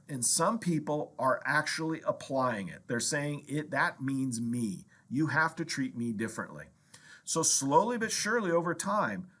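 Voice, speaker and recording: A man's voice: a little high, fairly bright tone, slightly rough. A man lecturing as a history professor, telling a story and acting out quoted lines, with frequent "right?" checks to the class.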